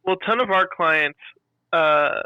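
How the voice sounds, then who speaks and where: A man co-hosting a podcast, telling animated stories about customers in a casual chat and acting out their lines. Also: a little high, measured pace, clean tone, no room sound, lo-fi sound. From California. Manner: animated storyteller, acts out customer quotes. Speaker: podcast co-host.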